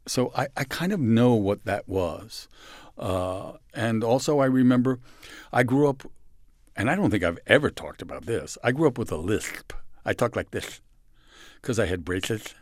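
A lower-pitched man guesting on an interview, halting and reflective as he tells his own stories. He often restarts and sinks into a hush when he quotes someone. The sound is close and dry, with no room around him. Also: lively intonation, dry recording. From San Francisco, USA. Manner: halting with restarts, soft dramatic dips when quoting others. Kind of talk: reflective personal storytelling.

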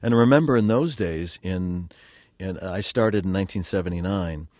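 A man's voice: low-pitched, moderate pace, a little mellow, dry recording, clean studio sound. An older man, a working actor, telling rambling, self-deprecating stories in a casual interview, with lots of fillers and restarts. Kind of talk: casual interview talk, storytelling.

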